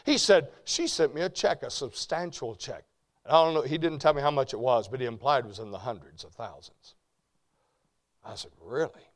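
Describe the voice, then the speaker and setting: An older man preaching a sermon, telling folksy stories that drop quiet and then rise to loud shouts. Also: medium pitch, animated, normal speed. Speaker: preacher and ministry president. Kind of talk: storytelling sermon.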